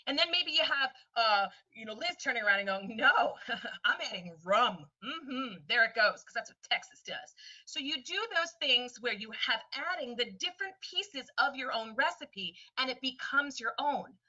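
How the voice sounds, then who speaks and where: A woman teacher presenting a webinar lesson in a lively way, often slipping into quick voices for students and friends. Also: high-pitched. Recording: distant, dull lo-fi sound.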